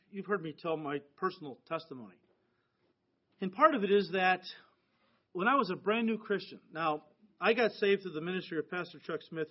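A middle-aged American man preaching a sermon to his church in an earnest, conversational way. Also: high voice. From United States. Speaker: pastor. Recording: dull lo-fi sound.

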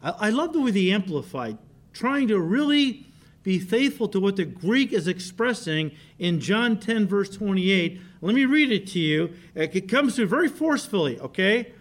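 High-voiced animated male pastor preaching. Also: normal speed. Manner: animated preaching, often saying "listen" and "okay". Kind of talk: sermon.

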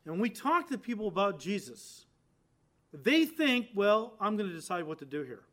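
A man delivering a sermon in a voice pitched a little above the usual for men. He hits key words hard and lets his phrases sink to quiet, low endings. He speaks straight to his listeners and acts out the lines he quotes. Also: very animated, moderate pace. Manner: emphatic, swings from loud stresses to quiet low endings. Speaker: preacher.

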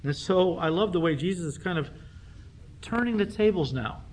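A man's voice: high voice, expressive, normal speed, a little mellow, slight background noise. A man preaching a conversational sermon, teaching through a Bible passage with emphatic rhetorical questions. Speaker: pastor.

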